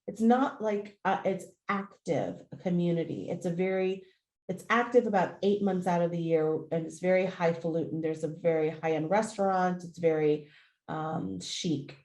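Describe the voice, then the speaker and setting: A woman hosting a podcast, telling a personal story in an animated, profane, casual way. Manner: animated, profane, swings into loud high-pitched retellings. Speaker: podcast host. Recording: roomy echo.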